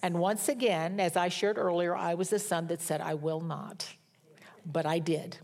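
A woman's voice: on the low side, fairly even intonation, normal speed, a little mellow. A middle-aged woman preaching a sermon, telling a personal story in a candid, self-mocking way. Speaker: pastor.

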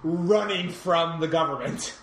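A woman's voice: lowish voice, unhurried, roomy sound, crowd noise. A woman co-hosting a casual podcast about movies, enthusiastic and rambling, often laughing, with her microphone set far away. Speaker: podcast co-host.

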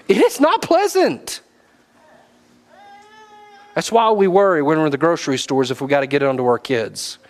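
High-voiced preacher, lively swings. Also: male voice, moderate pace, long pauses. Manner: swings between loud exhortation and low, dropped asides. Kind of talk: sermon.

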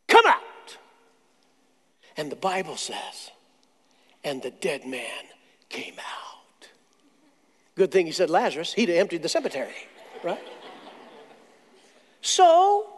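A man preaching a sermon, telling stories with jokes and slow, dramatic pauses. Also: extremely high pitch. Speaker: pastor. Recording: long hall reverb.

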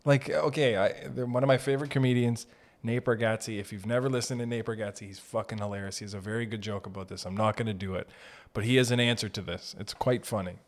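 A man hosting a comedy podcast rambles through jokes in a giggly, profane way, hopping from one bit to the next. His voice is on the low side and steady in tone, and he talks fast.

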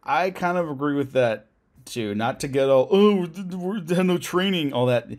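A man's voice: a little high, expressive, normal speed, darkish tone. A man chatting casually about a film on a podcast, hedging and agreeing easily. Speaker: podcast co-host. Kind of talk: casual film review chat.

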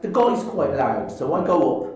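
A man, telling stories in casual chat, animated and freely swearing. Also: on the high side, normal speed. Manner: animated storyteller, swearing freely, acting out voices. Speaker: comedy club runner and performer. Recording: very echoey room.

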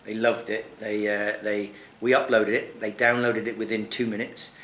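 A man tells a rambling story in a loose, animated way, swearing freely and breaking into laughs. His voice is lowish yet bright and forceful, and it echoes around the room over a faint hiss. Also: normal speed. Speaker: guest actor. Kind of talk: casual storytelling.

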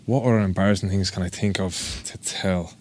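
A man's voice: low-pitched, fairly even intonation, a little fast, a little mellow. A man with an Irish accent, a tattoo artist guest talking casually on a podcast, rambling and swearing with self-mocking humor.

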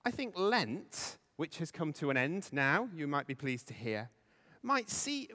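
Vicar, casual hesitant sermon; bright-ish animated voice, long church echo. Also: male voice, on the high side. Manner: conversational, hesitant with fillers. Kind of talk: Easter sermon.

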